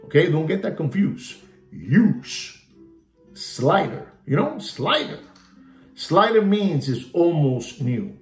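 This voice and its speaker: A man's voice: fairly high pitch, big pitch swings, slow. A man giving a ranting watch market update, theatrical and mocking, repeating catchphrases and slipping into Spanish asides. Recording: echoey room with faint guitar music.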